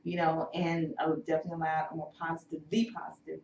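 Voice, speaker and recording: A woman hosts a health segment in an encouraging tone full of fillers. Her voice sits a little low. The sound is dull and roomy, picked up from some way off the mic. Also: level tone, quick pace, creaky, darkish tone, far from the mic, a little hiss or hum. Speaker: host. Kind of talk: health show chat.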